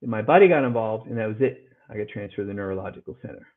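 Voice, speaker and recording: This middle-aged podcast guest talks very fast in a lowish voice with lively intonation. Earnestly retelling a difficult story, he acts out people's words in raised voices, heard over phone-like audio.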